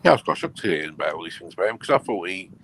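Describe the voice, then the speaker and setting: A man chatting in an online group call, easygoing and a little hesitant. His voice is very low, with a faint hiss of background noise behind it. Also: expressive, very fast, fairly bright tone. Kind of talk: casual group chat online.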